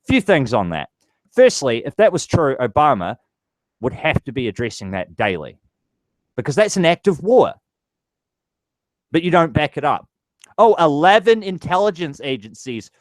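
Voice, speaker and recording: A man delivers a furious, foul-mouthed political rant to his camera. His pitch leaps and drops as he works himself up. The sound is dry, with no room echo. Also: very animated, normal speed, long pauses. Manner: angry, profane ranting. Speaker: vlogger.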